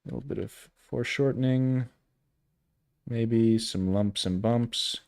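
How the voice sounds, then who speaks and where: A man in his thirties thinking aloud while drawing on a live stream, halting and unsure, trailing off often, with dry self-mocking humor. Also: mid-range voice, creaky, darkish tone, dry recording. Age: 30s. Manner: wry self-deprecating humor.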